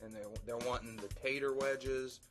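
A man's voice: medium pitch, steady tone, moderate pace, over music. A man co-hosting a podcast in loose, joking casual chat, swearing freely. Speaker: podcast co-host.

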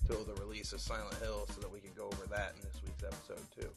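A man's voice: lowish voice, monotone, quick pace, over music. A man co-hosting a podcast in loose, joking casual chat, swearing freely. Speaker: podcast co-host.

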